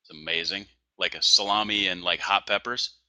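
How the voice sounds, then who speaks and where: A man's voice: low voice, fairly even intonation, moderate pace, pushed and bright, no room sound. A male co-host in casual chat, telling stories in an easygoing way. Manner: easygoing storyteller, laughs often. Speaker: podcast co-host.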